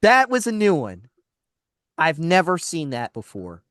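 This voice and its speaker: A man's voice: on the high side, a little slow, no room sound. A man hosting a casual talk show on a studio microphone, telling a story in an exasperated tone and acting out the other people in it. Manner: animated, acts out other people's lines in the story; exasperated, laughs between lines. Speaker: radio host.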